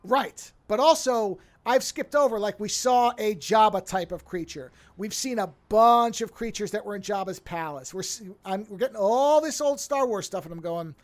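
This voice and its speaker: A woman's voice: mid-range voice, moderate pace, hardly any pauses. A woman hosting a podcast, recapping a TV episode in casual chat, acting out the quotes and swearing freely. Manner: animated storytelling, acts out quotes, swears freely. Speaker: podcast host.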